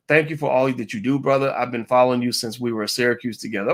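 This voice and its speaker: A man's voice: mid-range voice, steady tone, a little fast, hardly any pauses, a bit bright. Upbeat man hosting a livestream. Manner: upbeat, reads chat comments aloud, many fillers. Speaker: host answering viewer questions. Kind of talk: casual livestream Q&A.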